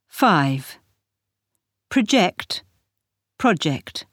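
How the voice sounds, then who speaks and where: A woman reading textbook example sentences for a pronunciation lesson, with slow, careful enunciation. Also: fairly low pitch, no echo, studio quality. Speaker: textbook audio reader.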